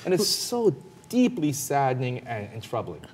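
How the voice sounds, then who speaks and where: A man commentator telling a personal story in a panel talk, earnest and emphatic, his intensity rising quickly. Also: medium pitch, wildly swooping pitch, a little mellow, breathy edge.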